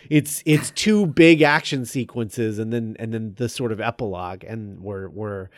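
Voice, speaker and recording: A man's voice: on the low side, no room sound, clean studio sound. A man co-hosting a casual film podcast, talking with enthusiasm and lots of fillers and restarts. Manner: halting, enthusiastic, many fillers. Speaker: podcast co-host.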